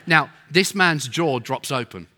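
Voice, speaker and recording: A man's voice: a little high, lively intonation, takes it slowly, sharp tone. A middle-aged man preaching a sermon, telling stories and acting out the people in them. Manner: storytelling, acts out quoted voices.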